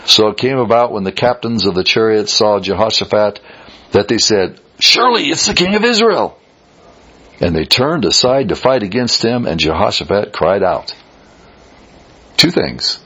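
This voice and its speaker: A man preaching an expository sermon, reading scripture aloud and commenting bluntly with animated delivery. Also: fairly low pitch, moderate pace, breathy edge, lo-fi sound.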